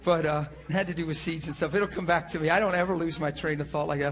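A man's voice: on the high side, fast talker, few pauses, a bit bright. A middle-aged male pastor preaching from the pulpit, telling a story with a rambling, self-amused manner. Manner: rambling, laughing at himself. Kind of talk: storytelling sermon. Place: church pulpit.

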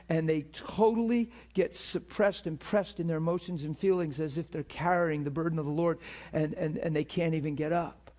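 Earnest guy preaching, voice on the high side, keeps repeating himself when fired up. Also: a little mellow. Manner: earnest, fervent, with frequent repetitions and restarts. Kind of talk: sermon-style teaching with personal testimony.

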